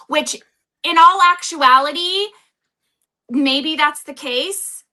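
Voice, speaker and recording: Brief: outspoken woman guest, high bright tone, swears freely, lively storytelling. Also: slow pace, pauses often. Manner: profane, animated storytelling. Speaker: guest, former cast member. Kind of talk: casual podcast chat.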